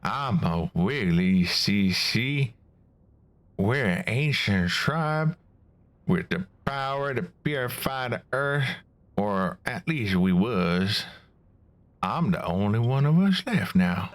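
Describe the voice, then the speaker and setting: A man's voice: fairly low pitch, animated, slow. Man putting on a drawling Southern worm creature. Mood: folksy. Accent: American Southern, put on. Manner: polite, drawling, homespun grammar. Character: folksy wriggly worm creature, last of its tribe.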